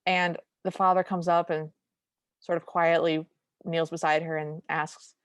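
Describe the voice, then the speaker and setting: Dry-sounding woman with a lower voice. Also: level tone, measured pace, clear, resonant tone, no room sound, muffled recording. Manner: enthusiastic, retells scenes with acted quotes. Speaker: podcast co-host. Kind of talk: casual chat recapping a film.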